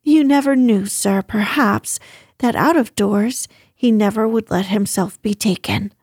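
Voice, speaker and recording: A woman's voice: mid-range voice, unhurried, a little mellow, breathy edge, dry recording, clean studio sound. A woman reading the lines of a flustered, deferential middle-aged housekeeper who speaks in a fussy, hesitant way. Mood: fussing.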